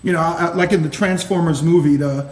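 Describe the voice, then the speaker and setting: A former Marine officer, a man, telling stories as a guest in a casual interview, animated, laughing and swearing casually. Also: a little high, quick pace. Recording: roomy echo.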